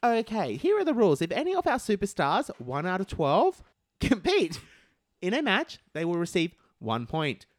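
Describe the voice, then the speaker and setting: An excitable Australian man co-hosting a casual show, swinging his pitch all over as he jokes and laughs. His voice sounds close and dry, with no room echo. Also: moderate pace. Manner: excitable, laughs often, theatrical. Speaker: co-host. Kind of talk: casual podcast banter.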